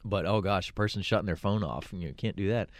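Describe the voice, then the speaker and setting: A man's voice: deep voice, a little fast, no room sound, clean studio sound. A man from Virginia, co-hosting a radio show, telling a story in casual chat and acting out the people in it. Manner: animated, acts out the people in his stories.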